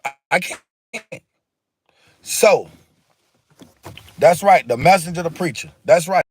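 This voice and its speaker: A man's voice: on the high side, expressive, slow, slight background noise. A man hosting a casual livestream, talking emphatically and repetitively in a preachy way while answering viewer comments. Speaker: livestream host.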